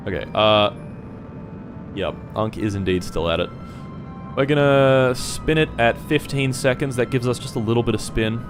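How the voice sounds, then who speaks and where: A young man commentating his own live game stream, swinging between quiet muttering and loud swearing outbursts. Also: medium pitch.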